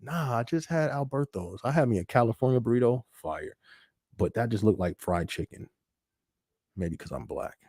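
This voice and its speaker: A man's voice: mid-range voice, animated, moderate pace, a little mellow, breathy edge, no echo. A man hosting a casual livestream podcast from his home studio office, slangy and encouraging, laughing often.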